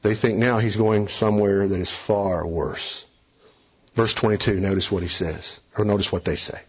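Emphatic male preacher, husky voice. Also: fairly low pitch, steady tone, moderate pace. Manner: emphatic, rising and falling for emphasis, urging listeners. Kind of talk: expository sermon. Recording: dull lo-fi recording.

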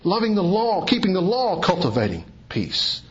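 A man delivers an expository sermon in a fairly high voice, climbing sharply in pitch to stress key phrases. The recording is dull and lo-fi, like an old church tape. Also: huge pitch swings, moderate pace. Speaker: pastor.

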